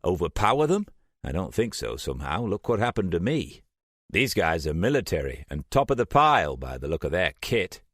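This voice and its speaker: A man's voice: deep voice, sing-song, normal speed, fairly bright tone, dry recording, studio quality, heavily acted. A man voicing a brash young man who argues and boasts defensively. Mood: arguing. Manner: cocky, argumentative.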